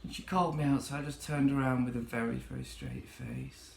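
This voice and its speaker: A man in a casual vlog monologue, rambling through fillers and swearing freely as he vents. His voice sits at an ordinary middle pitch and bounces around a bare, echoey bedroom. A faint hum of room noise runs underneath. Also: sing-song, fairly quick, creaky. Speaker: vlogger.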